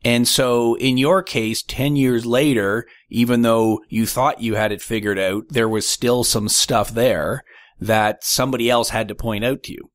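A man's voice: medium pitch, steady tone, measured pace, no room sound. A man hosting a podcast interview, chatty and rambling, with playful hypothetical questions. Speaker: podcast host. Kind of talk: conversational interview.

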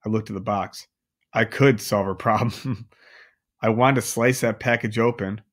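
A man's voice: fairly low pitch, steady tone, measured pace. A man reading a novel aloud, adding casual chatty asides to his listeners. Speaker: audiobook reader.

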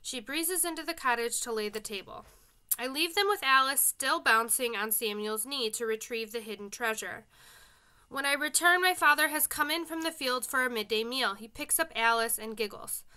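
Brief: woman narrator, bright, fairly high voice, friendly audiobook reading with casual asides. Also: expressive, moderate pace, smooth. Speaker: reader. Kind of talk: audiobook reading of a children's novel.

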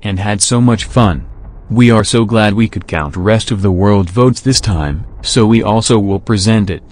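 A man's voice: lowish voice, measured pace, a little mellow. A man presenting jury votes in a casual, friendly scripted way. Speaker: jury spokesperson.

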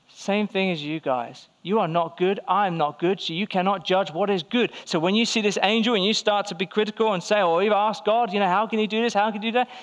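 A man's voice: sits high, fairly bright tone. A man pastor preaching a conversational sermon to his church, firing rhetorical questions and acting out quoted voices. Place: church hall.

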